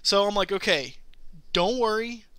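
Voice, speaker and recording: A man hosting a live gaming show, chatting casually and telling a rambling story with animated quoted voices. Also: high voice, a little slow, smooth, no echo. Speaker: podcast host.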